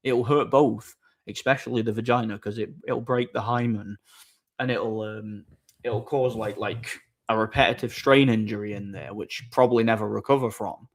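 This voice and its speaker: A man's voice: lowish voice, fairly even intonation, moderate pace. A man chatting casually on a live stream, reading viewer messages aloud, rambling with repeated words and frequent laughter.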